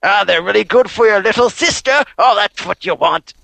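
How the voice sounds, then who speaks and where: A man's voice: sits high, moderate pace, creaky, sharp tone, no room sound, voice pushed up, full character voice. A man voicing a pushy chocolate seller from a video game, with a Bronx accent and salesman patter. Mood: salesy.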